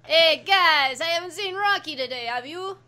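A woman voicing a folksy, friendly adult park ranger with a bright, exaggerated cartoon delivery. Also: very high-pitched, expressive, normal speed, voice pushed up, heavily acted. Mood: chipper.

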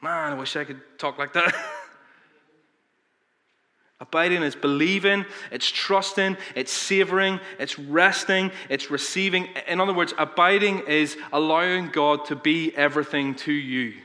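Bright-voiced preacher in a reverberant hall. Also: male voice, on the high side, a little slow. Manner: earnest, emphatic, with frequent fillers and restarts. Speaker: pastor. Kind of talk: sermon. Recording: long reverb of a large hall.

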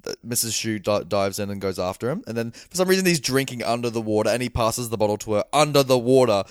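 A man's voice: medium pitch, fast talker, clean tone, dry recording, clean studio sound. A man co-hosting a casual film podcast, swearing freely and acting out lines from scenes. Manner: animated, swearing, acts out quotes. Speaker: podcast co-host.

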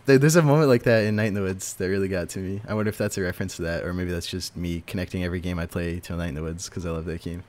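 A man's voice: low voice, fairly even intonation, rapid-fire, few pauses, darkish tone. Chatty podcast host man. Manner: chatty, laughs often, fillers. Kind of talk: casual chat.

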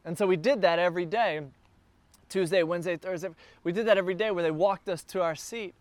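A man telling a casual travel story, chatty and getting more excited as he goes. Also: high voice, quick pace, no room sound.

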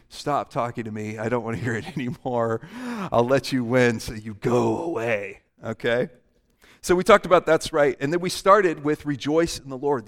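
Pastor, male, conversational sermon delivery, animated, acts out quoted voices, slightly high pitch, reverberant hall.

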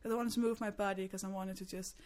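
A young adult Danish woman, a stand-up comedian, chats candidly as a podcast guest. She talks fast in a mid-range, darkish voice with fairly even intonation, telling stories self-deprecatingly and laughing often.

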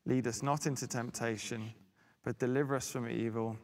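Man slowly leading prayer in a church. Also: medium pitch, steady tone. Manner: slow, measured recitation. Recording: long reverb from far off in a church.

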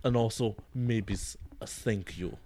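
A man's voice: fairly low pitch, unhurried, warm tone, a little hiss or hum. A man hosting a casual podcast, loose and profane, often laughing as he signs off. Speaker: podcast host.

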